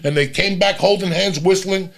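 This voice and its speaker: A man's voice: high-pitched, normal speed, gravelly, fairly bright tone. A middle-aged man from the New York City area, hosting a podcast and telling crude, rambling stories full of profanity. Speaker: podcast host. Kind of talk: casual storytelling chat.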